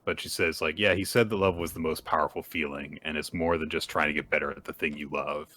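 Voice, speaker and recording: A man co-hosting a manga podcast, casually recapping chapters and acting out characters' lines with lively energy. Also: extremely low pitch, fast, a little hiss or hum.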